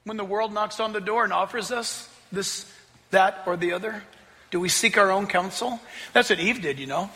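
A high, bright male preacher with a gravelly edge, swinging widely in pitch as he talks through his sermon. His voice rings through a large church hall with a long reverb and faint music underneath. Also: normal speed. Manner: lively, playful, conversational preaching.

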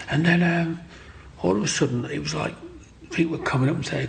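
A middle-aged man telling his life story in an interview, animated, acting out the voices of people in his story. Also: fairly high pitch, fairly quick, vocal fry, slight background noise. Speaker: guest.

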